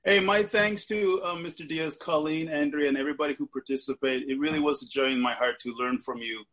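An American man joins an online book club discussion over a video call. He talks in a husky, slightly high voice. He is animated and joking. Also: a little fast. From United States. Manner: animated and joking, breaks into laughter. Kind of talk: casual discussion.

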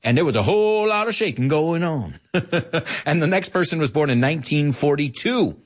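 A middle-aged man speaks at normal speed in a fairly high, animated voice while hosting a casual bilingual show. Teaching English, he offers Spanish glosses for words and keeps things playful with frequent laughter.

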